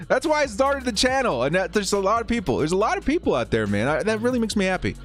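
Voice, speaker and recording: Male streamer, lively sing-song delivery, slightly high voice, faint music underneath. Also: fast talker. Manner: excitable, laughs often, chatty with viewers. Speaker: livestream host. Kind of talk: casual live watch-party chat.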